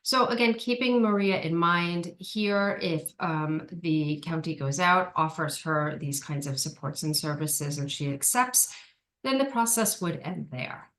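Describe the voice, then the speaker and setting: A woman's voice: lowish voice, a little slow, a bit bright. A woman giving an online training presentation, explaining steps carefully with frequent ums and small restarts. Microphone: video call.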